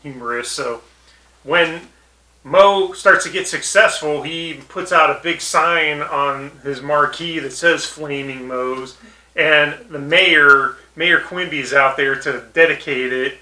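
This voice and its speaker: Man podcast co-host, sharp bright tone, easygoing, echoey room. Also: on the high side, takes it slowly. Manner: relaxed, chuckling, leads the segments. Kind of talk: casual episode review chat.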